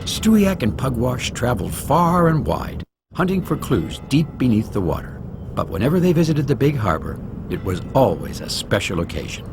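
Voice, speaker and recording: Give me a man gently narrating a children's story, lively and warm in telling. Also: medium pitch, moderate pace, vocal fry, background noise. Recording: narration over loud music.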